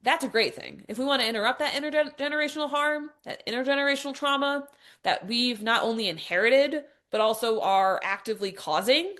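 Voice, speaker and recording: A woman with a medium-pitched, slightly bright voice hosts a podcast. She rants in an exasperated, mocking, profane way and says "like" a lot in this opinionated monologue.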